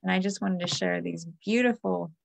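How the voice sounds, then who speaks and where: A woman energy healer leading a guided release meditation, talking in a soft, invoking, repetitive way. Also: fairly low pitch, normal speed, vocal fry, no echo.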